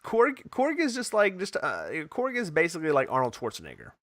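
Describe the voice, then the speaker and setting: A man co-hosting a movie podcast in casual chat, animated and quick to act out quoted lines. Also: sits high, a little hiss or hum. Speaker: podcast co-host.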